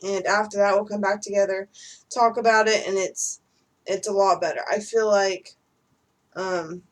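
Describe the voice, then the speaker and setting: A woman's voice: mid-range voice, steady tone, normal speed, far from the mic, poor audio. A young woman chatting casually with her husband, rambling with many fillers. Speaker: vlogger answering questions with her husband. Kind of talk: casual chat.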